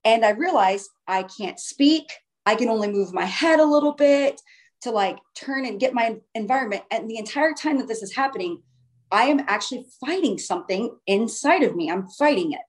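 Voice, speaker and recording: A woman's voice: a little high, lively intonation, normal speed. A woman telling her own story in a casual, earnest way, often restarting her phrases for emphasis. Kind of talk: casual first-person storytelling.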